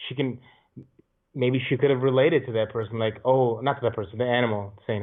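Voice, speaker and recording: A man's voice: mid-range voice, fairly even intonation, brisk. A man chatting casually as a podcast guest, easygoing and prompting the host with questions. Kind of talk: casual chat. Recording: tinny phone-like line.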